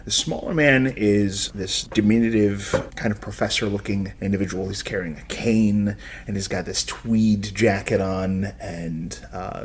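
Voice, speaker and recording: A man's voice: lowish voice, husky. A man narrating as game master of a tabletop role-playing game, describing scenes with frequent searching for words.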